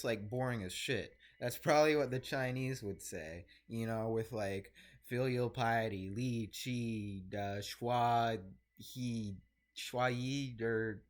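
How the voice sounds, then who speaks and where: A young man talking to camera in a rambling, easily distracted solo vlog, casually swearing and interrupting himself. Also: medium pitch. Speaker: vlogger.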